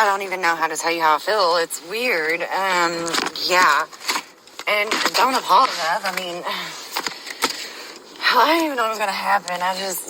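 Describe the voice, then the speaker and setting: A woman leaving a voice message, shaken and emotional, talking in halting, confused bursts that trail off. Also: fairly low pitch, noisy background. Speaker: guest medium.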